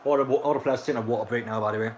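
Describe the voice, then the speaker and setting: Quick-talking lad. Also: male voice, mid-range voice, steady tone, a little hiss or hum. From North East England. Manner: rambling, filler-heavy, reacts to chat. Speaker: football live streamer. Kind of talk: casual live match commentary to chat.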